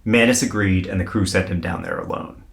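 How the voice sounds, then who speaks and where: A man co-hosting a podcast, telling a paranormal story in a casual, animated way and swearing freely. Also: low-pitched, brisk, creaky. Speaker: podcast co-host.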